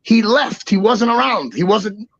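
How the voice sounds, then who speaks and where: A man with a gravelly, husky voice tells a story in fits and starts, doubling back on his words and cursing as he goes. The recording sounds dull and lo-fi, close and dry. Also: high-pitched, expressive. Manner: halting, with many restarts and repeats; swears freely. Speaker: guest storyteller. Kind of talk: casual storytelling.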